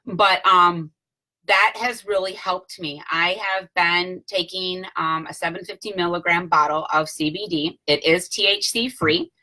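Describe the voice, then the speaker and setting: A woman's voice: fairly low pitch, measured pace, bright, forceful tone, poor audio. A woman in her late thirties talking casually to the camera at home, chatty and rambling with many fillers and restarts. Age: late 30s. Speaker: vlogger selling CBD oil. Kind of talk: casual testimonial talk to camera.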